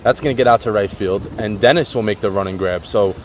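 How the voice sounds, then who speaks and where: A man doing live play-by-play for a baseball game, relaxed and chatty, explaining the rules as he goes. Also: lowish voice, fast, slight background noise. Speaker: play-by-play announcer.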